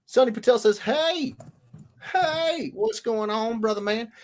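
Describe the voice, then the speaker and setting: A man's voice: high-pitched, little pitch movement, brisk, darkish tone. A man hosting a casual livestream, animatedly reading viewer comments aloud with sing-song greetings. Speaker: livestream host, illustrator.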